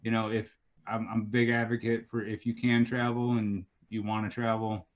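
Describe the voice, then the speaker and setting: A man's voice: fairly low pitch, little pitch movement, normal speed, phone-quality sound. A man speaking as a guest on a webcast, laid-back and swearing casually. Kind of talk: casual chat.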